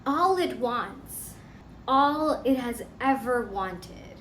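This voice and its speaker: A woman's voice: fairly high pitch, lively intonation, drawn-out words, noisy background. A woman coaching viewers in a self-help lesson, talking earnestly and conversationally and often repeating herself. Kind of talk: instructional talk to camera. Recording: echoey room with faint ambience.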